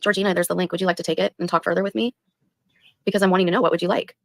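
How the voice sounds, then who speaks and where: Defensive fast-talking woman streamer. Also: on the low side, fairly even intonation, gravelly, no room sound. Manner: defensive, tearful. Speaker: livestreamer. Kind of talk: live stream replayed.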